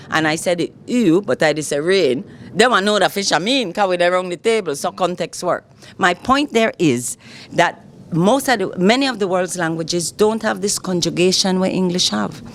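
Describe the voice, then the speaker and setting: A woman's voice: mid-range voice, slight background noise. Teacherly woman with a Belizean Kriol accent. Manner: teacherly, checks understanding with "all right?". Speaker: guest, educator and Kriol activist. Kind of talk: casual interview explanation.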